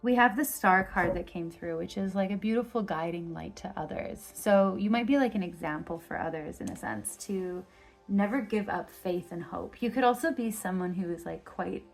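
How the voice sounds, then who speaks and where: A woman's voice: on the low side, lively intonation, normal speed, vocal fry, faint music behind. Rambling, effusive woman tarot reader. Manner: rambling, with constant filler "like"; effusive and enthusiastic. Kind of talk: casual pick-a-card tarot reading.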